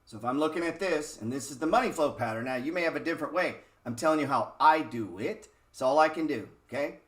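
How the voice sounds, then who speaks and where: A man's voice: fairly high pitch, animated, fast. Blunt, cursing man with a roomy echo. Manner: blunt, profane, rhetorical questions. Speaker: trading educator. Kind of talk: casual screen-share market talk.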